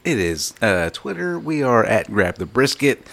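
A man's voice: lowish voice, sing-song, a little slow, vocal fry, a bit bright. A man co-hosting a podcast, joking loosely and reading out contact details in casual chat. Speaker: podcast co-host.

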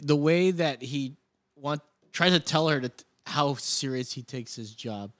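A man's voice: a little high, a little slow, a bit bright, no echo, studio quality. A man co-hosting a movie podcast, goofy and laughing, making crude jokes. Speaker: podcast co-host. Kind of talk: casual chat.

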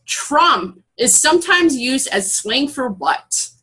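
A woman's voice: sits high, expressive, slow, pushed and bright. A woman co-hosting a podcast, reading trivia questions in chatty casual talk. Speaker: podcast co-host running trivia. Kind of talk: casual chat.

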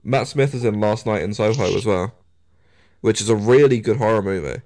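A man's voice: fairly low pitch, brisk, a little mellow. A young English man co-hosting a podcast, chatty and swearing freely as he tells stories with frequent laughs. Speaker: podcast co-host. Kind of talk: casual podcast chat.

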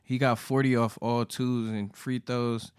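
A man's voice: medium pitch, level tone, measured pace, a little mellow, clear, resonant tone, no echo, clean studio sound. A man co-hosting a casual sports podcast, laid-back and profane with lots of slang. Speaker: podcast co-host.

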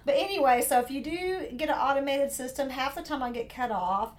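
A middle-aged woman with a Southern accent, co-hosting a casual chat and telling stories in an animated way. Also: sits high, fairly quick. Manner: chatty, animated storyteller who laughs often. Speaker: podcast co-host.

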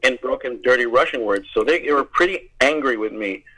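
A bright, husky American man telling stories as an interview guest. He rambles, stumbles over repeated words and laughs often. His pitch sits in the middle. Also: fairly quick, rough recording. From United States. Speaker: guest actor. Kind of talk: casual interview storytelling.

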